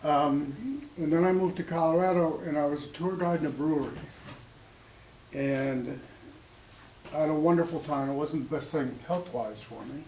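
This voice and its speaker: A man in his sixties telling personal stories to a small audience, in a halting, conversational way full of ums and restarts. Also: a little high, darkish tone, a little hiss or hum. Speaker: storyteller at an open mic. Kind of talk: spoken storytelling to a small audience. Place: small cafe gathering room. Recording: echoey room with faint ambience.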